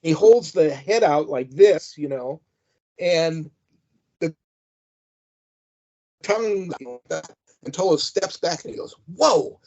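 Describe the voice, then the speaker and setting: A man's voice: on the high side, slow pace, long pauses, dark tone. An older man, a former wrestling manager, telling rambling, amused anecdotes with lots of fillers. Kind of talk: anecdotal storytelling. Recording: dull lo-fi audio.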